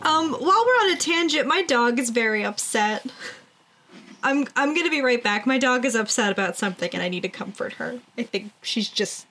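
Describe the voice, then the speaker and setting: A woman's voice: a little high, expressive, bright, forceful tone, a little hiss or hum. A woman hosting a role-playing podcast, chatting casually and teasing her friends. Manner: teasing, quick to laugh. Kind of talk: casual chat.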